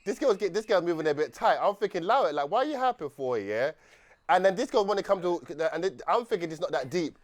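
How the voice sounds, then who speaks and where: A young man telling a rambling, animated story on a podcast, laughing often and restarting his sentences. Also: sits high, fast talker. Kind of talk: casual storytelling chat.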